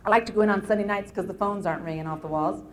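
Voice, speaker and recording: A woman speaking at a live self-help seminar, telling case stories with animated energy and the odd restart. Her pitch sits in the middle for a woman. A faint hiss runs underneath. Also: very fast. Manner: storytelling with case anecdotes, animated with frequent restarts. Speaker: anxiety self-help lecturer. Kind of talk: live motivational seminar talk.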